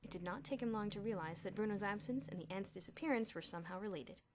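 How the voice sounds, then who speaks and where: A woman's voice: mid-range voice, fast, crowd noise. A woman narrating a children's novel as an audiobook, telling the story expressively. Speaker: audiobook reader.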